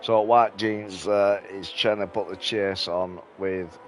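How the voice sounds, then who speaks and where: A man giving casual, relaxed commentary on a sim race from his sofa at home, sounding a bit sleepy. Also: low-pitched, takes it slowly, slight background noise. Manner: relaxed, sleepy, yawning between calls.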